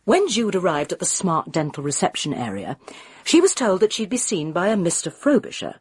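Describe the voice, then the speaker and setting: Husky woman narrating a mystery. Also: fairly low pitch, big pitch swings, fairly quick, no room sound, clean studio sound. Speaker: audiobook reader. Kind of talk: scripted narration.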